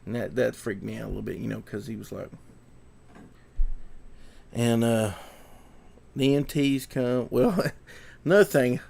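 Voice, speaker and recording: A man's voice: medium pitch, a little slow, vocal fry, pauses often, darkish tone. A young man telling a story to camera, rambling and repeating himself and sounding shaken. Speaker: vlogger.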